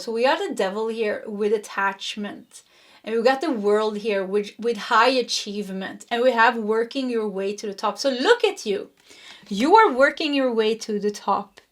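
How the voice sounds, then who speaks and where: Middle-aged woman, tarot reader; chatty, repetitive delivery with frequent laughs, voice sits a bit high. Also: a bit bright. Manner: chatty, laughs often, repeats phrases. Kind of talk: pick-a-card tarot reading.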